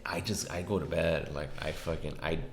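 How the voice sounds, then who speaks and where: A man's voice: rumbling low, steady tone, normal speed, gravelly. A man hosting a podcast, telling a story casually, rambling and swearing with lots of fillers. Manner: rambling, profane, many fillers. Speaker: podcast host. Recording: echoey room with faint noise.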